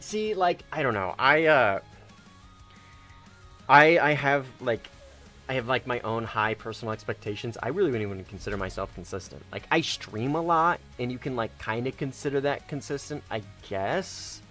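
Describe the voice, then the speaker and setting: A man's voice: medium pitch, normal speed, bright, forceful tone, soft background music. A man streaming a game and chatting with viewers, rambling and correcting himself as he goes, with casual swearing. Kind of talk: casual gaming livestream chat.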